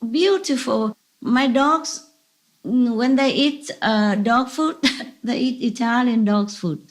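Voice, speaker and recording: A woman spiritual teacher speaking casually over a video call, telling stories in broken, repetitive phrasing with frequent laughs. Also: a little high. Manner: broken, halting non-native phrasing.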